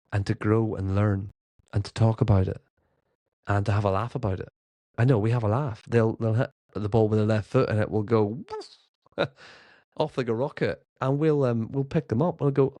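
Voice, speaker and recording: A man speaks in a low, mellow voice, telling an earnest story as a grassroots coach. He gets animated when he acts out what others said. The sound is dry and close. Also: no echo. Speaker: grassroots football coach and podcast host. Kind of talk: casual storytelling monologue.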